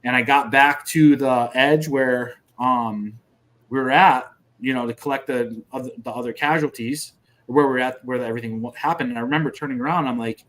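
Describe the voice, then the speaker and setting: Male veteran guest, mid-pitched, swearing, gritty war storytelling. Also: normal speed. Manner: profane, vivid, animated retelling with sound effects. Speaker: podcast guest, military veteran.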